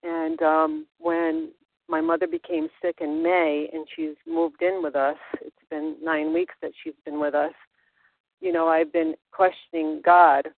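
A woman from upstate New York shares at a recovery meeting, steady with frequent ums. Her voice comes over a dry, tinny phone line with no room sound. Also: deep voice, unhurried, dry recording. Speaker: meeting member sharing.

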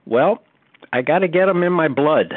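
A man sharing at a recovery meeting, thoughtful and measured, with many uh fillers, heard over a phone or video call. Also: on the high side, lively intonation, breathy edge, dry recording. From North Carolina, US. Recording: tinny phone line.

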